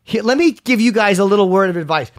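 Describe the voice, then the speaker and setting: A man's voice: sits high, expressive, fast. A man co-hosting a podcast in a studio, talking in crude, joking, rambling banter. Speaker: podcast co-host. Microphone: studio mic.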